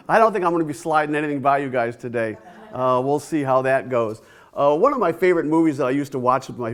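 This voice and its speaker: A man presenting a casual, rambling talk to a library audience, chatty with restarts and small laughs. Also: mid-range voice.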